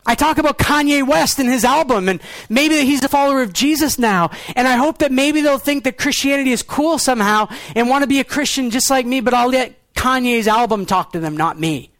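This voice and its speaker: Young male pastor, very high voice, earnest sermon delivery, dry close recording. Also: no echo. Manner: earnest, shifts between quiet low lines and quick pointed rhetoric.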